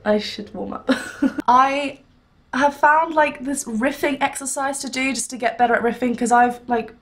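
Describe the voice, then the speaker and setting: A woman's voice: sits high, normal speed. A young woman, a singing teacher, chatting casually to the camera at home, rambling and laughing with lots of fillers. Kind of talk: casual vlog chat.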